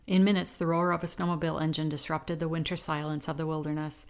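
Woman, audiobook narrator, low-pitched, even, measured delivery. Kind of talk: scripted narration.

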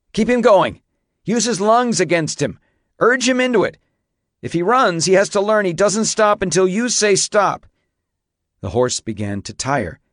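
A man doing a gruff older horse trainer. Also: mid-range voice, no echo, studio quality, lightly acted. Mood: urgent shouting. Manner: barks commands, then calm and plainspoken. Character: weathered older horseman, stern but caring.

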